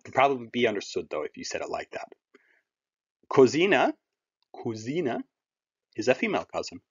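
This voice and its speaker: A man teaching a German lesson to learners, explaining words slowly and patiently in a friendly, encouraging way. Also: medium pitch, big pitch swings, husky, highs cut off. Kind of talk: recorded language lesson.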